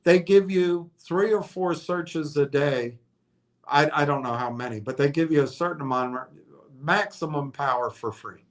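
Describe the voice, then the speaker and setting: Running a stock stream, this man thinks out loud in a loose, speculative monologue, hesitating, wandering and frequently restarting or filling gaps. He speaks at normal speed in a higher-than-average voice.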